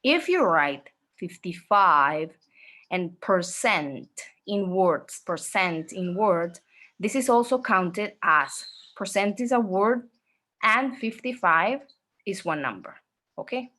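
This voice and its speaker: A woman teaching an online exam-prep class, speaking slowly, repeating herself and often checking in with "okay?". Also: medium pitch, animated, sharp tone. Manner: slow, repetitive, checks in with "okay?".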